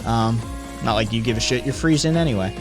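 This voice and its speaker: A man's voice: medium pitch, fairly quick, over music. Profane rambling male streamer. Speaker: streamer host. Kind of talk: casual live-stream chat.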